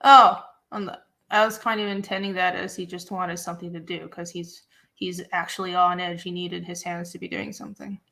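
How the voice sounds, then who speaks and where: Bright-voiced woman, a comic artist in casual chat. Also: lowish voice, little pitch movement, fairly quick, creaky. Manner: friendly, laughs often, explains her intentions.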